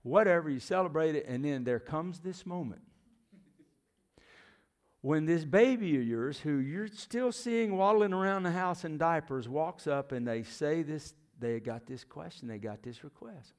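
Animated and speaking at a normal speed, a middle-aged man with a higher voice preaches, posing questions to the congregation and often falling to a near whisper. He's a former youth minister and missionary.

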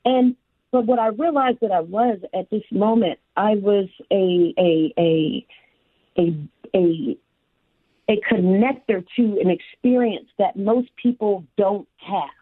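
A woman's voice: medium pitch, slow, dry recording. A woman from Chicago's south side, a guest telling her life story in an interview and acting out the people she quotes. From south side of Chicago, USA. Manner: animated, acts out the voices of people in her stories. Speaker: guest, human resources executive. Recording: phone-like narrow band, dry.

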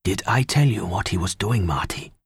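A man's voice: lowish voice, expressive, creaky, breathy edge, no echo, studio quality, voice pushed down, heavily acted. A man doing a wistful older German man. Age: middle-aged. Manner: halting, emotional, quiet. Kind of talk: audiobook character reading.

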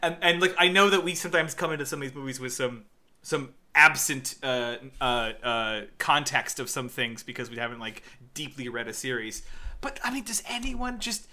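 A man co-hosting a podcast in casual chat, animated and joking, laughing often. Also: medium pitch, moderate pace. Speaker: podcast co-host.

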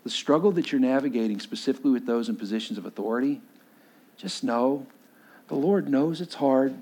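A man, a pastor preaching and telling a personal story, acting out voices and dropping low and quiet for emphasis. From Texas.

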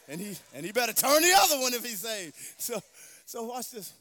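High-voiced preacher in a reverberant church. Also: male voice, sing-song, normal speed, long pauses, fairly bright tone. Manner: sing-song preaching cadence, calls to the congregation. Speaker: pastor. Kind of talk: sermon. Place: church sanctuary. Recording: long hall reverb with faint music.

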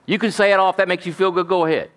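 A man's voice: high voice, fairly even intonation, racing, a bit bright. A male pastor, preaching a folksy, emphatic sermon and asking "amen?" often.

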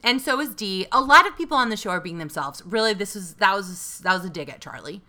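A woman co-hosting a casual podcast who recaps a TV show with swearing and quick impressions of the people in it. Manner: animated storyteller, swears freely, mimics people in a low voice. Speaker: podcast co-host. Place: New York City.

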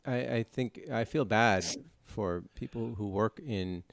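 A man in casual podcast chat, talking haltingly with frequent restarts. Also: fairly low pitch, no room sound.

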